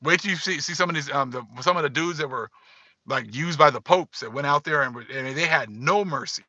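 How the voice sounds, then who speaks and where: A man's voice: on the high side, brisk, pushed and bright, dry recording. A man giving casual livestream commentary, emphatic and repetitive, talking straight to his viewers. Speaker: online commentator.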